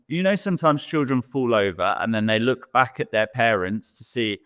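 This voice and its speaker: A man's voice: medium pitch, expressive, moderate pace, hardly any pauses, fairly bright tone. A man co-hosting a talk show, giving earnest coaching advice and acting out quoted thoughts. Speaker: co-host, sex expert.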